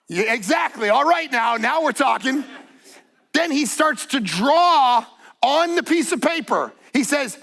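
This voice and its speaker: A man's voice: very high-pitched, sing-song, a little slow, vocal fry, fairly bright tone. A middle-aged man preaching a sermon, telling a personal story in a conversational way that builds to emphatic points. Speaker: pastor. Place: church stage.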